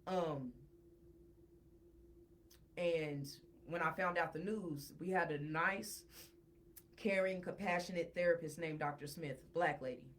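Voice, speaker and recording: A woman guest on a podcast, telling a personal story in a casual, animated way and repeating words when she gets worked up. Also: fairly low pitch, slow, long pauses, a little hiss or hum.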